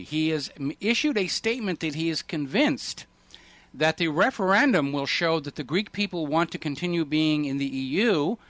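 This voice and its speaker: Male talk radio host, fairly high voice, dry close sound, sarcastic and indignant. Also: fairly bright tone, no echo. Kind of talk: political talk radio commentary.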